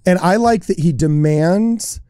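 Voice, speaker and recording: Mellow-voiced man, argumentative podcast co-host. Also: high-pitched, a little slow, clean tone, dry recording, clean studio sound. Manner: argumentative, acts out quotes. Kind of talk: casual chat.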